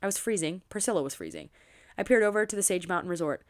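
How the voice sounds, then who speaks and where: With a lowish voice, a woman narrates a romance novel for her book channel. Expressive throughout, she pauses now and then for a quick aside.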